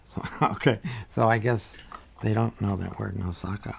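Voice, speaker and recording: A soft-spoken man demonstrating calligraphy in a casual, rambling way, often trailing off into murmurs as he writes. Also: on the low side, steady tone, normal speed, gravelly, slight background noise. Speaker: calligraphy instructor. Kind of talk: casual demonstration while writing.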